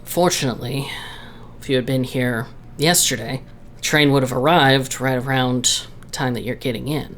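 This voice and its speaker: A woman voicing a tough, wry woman sheriff who speaks briskly in a frontier drawl for a tabletop game. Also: rumbling low, slight background noise.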